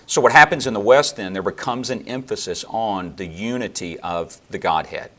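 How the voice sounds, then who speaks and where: Male guest expert, very low-pitched, measured lecturing delivery in an interview. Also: sharp tone. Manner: measured, lecturing, with fillers and restarts. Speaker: theologian guest. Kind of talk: explanatory interview answers.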